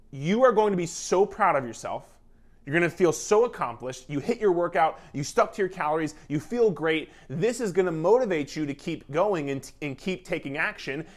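Emphatic motivational fitness coach man. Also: on the high side. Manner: emphatic, repetitive, pep-talk delivery; casual, occasional swearing. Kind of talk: motivational talk to camera.

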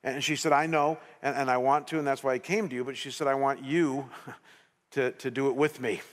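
A man's voice: mid-range voice, a little fast. Man preaching a sermon in a reverberant hall. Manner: storytelling, animated with many restarts. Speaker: pastor. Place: church sanctuary.

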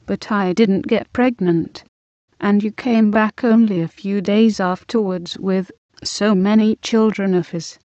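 Storybook role: fierce, resentful young wife voiced by a woman, slow delivery, dry muffled recording. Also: medium pitch, fairly even intonation, mellow, no echo, close to an everyday voice. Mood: bitter.

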